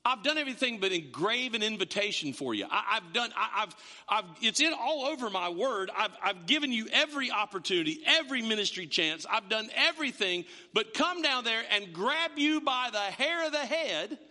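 A man's voice: very high voice, sing-song, slow, pauses often, sharp tone, heavily acted. A man voicing God as a deity who is patient but fed up, speaking emphatically in a sermon. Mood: exasperated. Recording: long reverb of a church hall.

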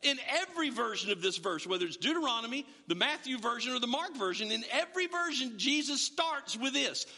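A man preaching a sermon as pastor, animated and acting out his listeners' voices. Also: extremely high pitch, brisk, hardly any pauses, in a large hall.

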